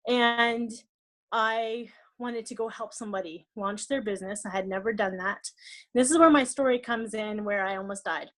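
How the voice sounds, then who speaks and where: Woman on a team call, kinda high voice, talks fast and emotional, repeats herself lots. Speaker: network marketing team leader. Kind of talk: personal story on a team call. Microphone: call or stream mic.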